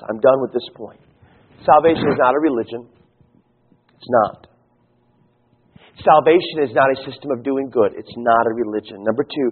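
A male pastor preaching a sermon, emphatic, swinging from quiet low stretches to raised, pleading calls. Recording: tinny phone-like sound.

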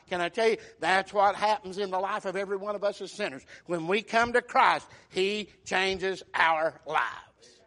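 A man preaching a sermon, acting out the voices he quotes and swinging from loud to hushed. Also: high voice, moderate pace, few pauses.

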